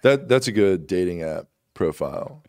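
A man's voice: deep voice, expressive, moderate pace, a little mellow, dry recording. A man guesting on a studio podcast, chatting along in a laid-back, agreeable way. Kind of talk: casual chat.

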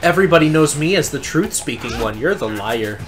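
A man casually riffs and jokes while watching a game being played. His voice is animated and moves around a lot. Game music runs underneath. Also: a little high. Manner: playful, teasing, quick laughs. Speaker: gaming co-host. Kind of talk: casual gameplay commentary.

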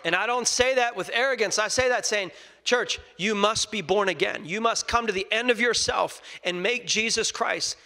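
A young man preaching a sermon, earnest, moving between loud emphasis and soft scripture reading. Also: sits high, normal speed, few pauses. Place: church sanctuary. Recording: long reverb of a large hall.

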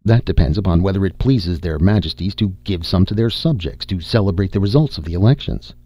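A man voicing a crafty, confident male rebel who talks smoothly and persuasively. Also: low voice, fairly quick, dark tone, dry recording. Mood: sly.

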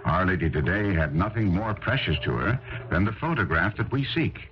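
An actor playing Sherlock Holmes, a sharp, self-assured detective, speaking in a crisp, measured way in a 1970s radio drama. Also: male voice, sits low, animated, slight background noise. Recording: muffled old radio broadcast.

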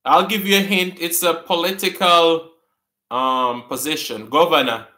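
A man with a Jamaican accent hosting a live-stream trivia chat, repeating words slowly and laughing often with viewers. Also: fairly high pitch, fairly even intonation, sharp tone, reverberant. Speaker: host.

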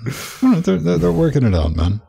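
A man's voice: fairly high pitch, very animated, quick pace, vocal fry, mellow, slight background noise. A man co-hosting a casual tech podcast, rambling and repeating himself, often tossing in "man". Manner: rambling, repeats words, says "man" a lot. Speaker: podcast co-host.

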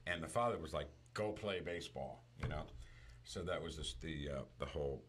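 A man chatting casually about movies, retelling scenes in an animated storytelling manner. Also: a bass voice, fairly quick.

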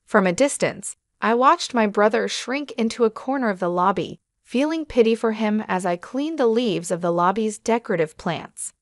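A woman reads a first-person story aloud as scripted narration, keeping a steady, measured delivery. Her mid-pitched voice is recorded dry and close, with no room sound.

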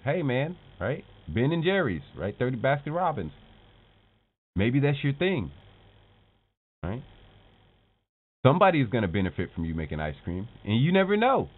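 A man's voice: medium pitch, moderate pace, pauses often, husky. A man hosting a show, giving a casual motivational talk to his viewers, calling them "team" and asking "right?" as he talks. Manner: animated, calls his audience "team", keeps asking "right?". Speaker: show host. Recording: tinny phone-like lo-fi sound.

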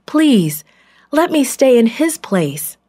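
Earnest humble brother begging, gentle kids' story voice, voiced by a woman. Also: sits high, very animated, slow, breathy edge, pitched above the performer's own voice, full character voice. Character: Judah, humble pleading older brother.

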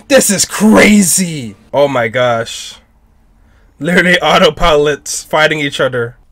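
A man reacting live to an anime, exclaiming and shouting at the screen. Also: on the high side, animated, slow pace, no echo.

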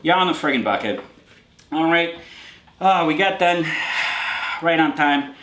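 A man's voice: fairly high pitch, expressive, measured pace, sharp tone. Jokey man in an echoey room. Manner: jokey, riffs on names, crude asides. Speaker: show host reading out donors. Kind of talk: casual comedic roll call.

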